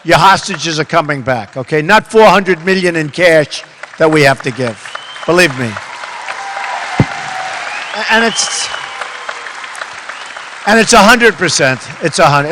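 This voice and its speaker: Older male speaker, emphatic and repetitive stump speech in a reverberant venue with an audience murmuring. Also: on the high side. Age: 70s. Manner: repetitive, emphatic, swings from quiet asides to loud bursts. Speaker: candidate speaking at a rally event. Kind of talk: campaign speech. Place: large hall with an audience. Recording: echoey hall with crowd behind.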